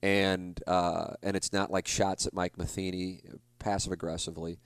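A sports broadcaster in his forties with a lowish voice tells a story alone, rambling and confessional. He trips over his own restarts and keeps blaming himself. The sound is close and dry, with no room around it. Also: little pitch movement, moderate pace, clean tone, no room sound. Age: 40s. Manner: rambling, confessional, self-deprecating, many restarts. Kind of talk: solo podcast storytelling.

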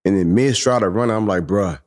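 A man's voice: lowish voice, fast talker. A man hosting a podcast in casual chat, telling stories in a laid-back way with joking asides. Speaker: podcast host.

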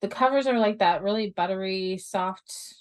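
A woman's voice: medium pitch, normal speed. A middle-aged woman, a self-published author, chatting casually and laughing often. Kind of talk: casual chat.

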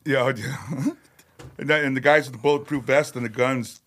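A middle-aged man, a metal singer telling stories as a podcast guest, animated, laughing and swearing freely. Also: medium pitch, moderate pace. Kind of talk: casual storytelling chat. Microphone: podcast studio mic.

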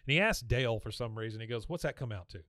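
A man's voice: mid-range voice, dry recording. A man co-hosting a podcast, casually retelling cartoon scenes and acting out the characters' lines with a laugh. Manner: animated retelling, acts out lines in quick voices, laughs often. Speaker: podcast co-host recapping a cartoon episode.

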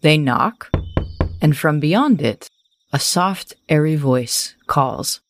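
A woman's voice: sits low, lively intonation, slow pace, a little hiss or hum. A woman running a tabletop game, narrating scenes in detailed, cinematic description. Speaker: game master.

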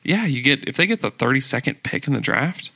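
A man hosting a casual sports podcast, rambling through his points and laughing often. His voice is bright, at a middling pitch. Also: expressive, a little fast. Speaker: podcast host.

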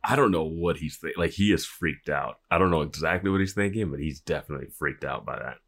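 A man co-hosting a podcast, chatting casually about a show, animated and quick to jump in with laughs. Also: extremely low pitch, gravelly. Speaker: podcast co-host.

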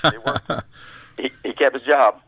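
Over a dry, tinny phone connection, a man with a medium-pitched, husky voice unhurriedly shares folksy anecdotes as an interview guest. A former caddy turned author, he acts out other people's voices.

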